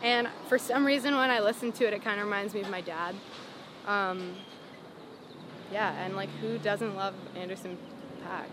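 A young woman tells a story in a loose, rambling way, filling it with "like" and "um" as she acts out what people said. Her voice sits in a middle range. A clear hum of traffic and outdoor noise runs behind her. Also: mid-range voice, moderate pace. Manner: rambling, lots of "like" and "um", animated retelling. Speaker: singer-songwriter guest. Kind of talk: casual interview storytelling.

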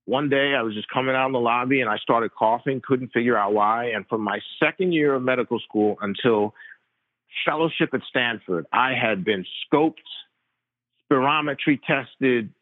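A man, a physician interviewed as a guest, telling stories in an animated, slangy, casual way. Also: mid-range voice, moderate pace, no echo. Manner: animated, slangy, tells stories with quoted dialogue. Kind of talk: casual conversational storytelling. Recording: dry tinny phone-like line.

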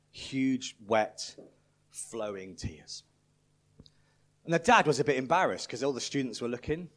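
Male preacher, lively pitch, storyteller who swings from loud to hushed. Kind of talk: sermon with storytelling.

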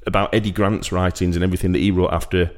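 A man hosting a casual football podcast, rambling and laughing his way through a playful mock sales pitch. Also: flat delivery, fast, darkish tone. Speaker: podcast host. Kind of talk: casual chat.

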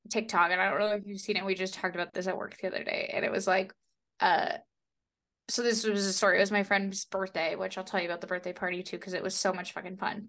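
A young woman in her twenties, co-hosting a podcast and telling stories in casual chat, acting out the voices she quotes. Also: medium pitch. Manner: animated storyteller, acts out quoted voices. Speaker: podcast co-host.

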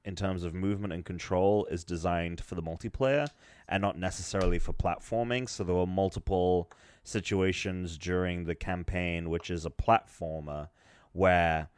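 Deep-voiced man in casual chat. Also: moderate pace, smooth, dry recording. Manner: relaxed, rambling explanations with fillers. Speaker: podcast co-host, game reviewer.

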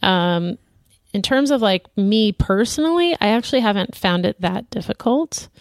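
A relaxed, chatty woman talking with her co-host, dropping plenty of ums and laughing easily. Her voice sits close and dry, with no room sound around it. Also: medium pitch, moderate pace, no room sound. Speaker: podcast co-host. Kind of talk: casual chat.

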